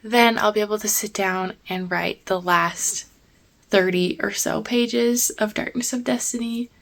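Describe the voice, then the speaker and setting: A woman's voice: medium pitch, fairly even intonation, measured pace, vocal fry, a bit bright. A young woman author chatting casually in a vlog, emotional and talkative, sometimes dropping to a whisper, in her morning voice. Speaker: author vlogger. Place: at home and outdoors.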